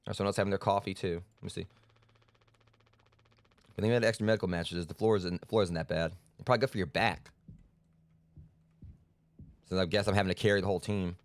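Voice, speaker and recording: A man's voice: low-pitched, fairly even intonation, quick pace, long pauses, dry recording. A man giving rambling, self-deprecating let's-play commentary as a game streamer, full of fillers and restarts.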